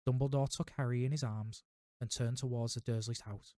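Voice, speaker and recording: A man reading a book aloud on a livestream, with relaxed, chatty asides to his viewers. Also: mid-range voice, a little fast, no room sound, clean studio sound. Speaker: livestream reader.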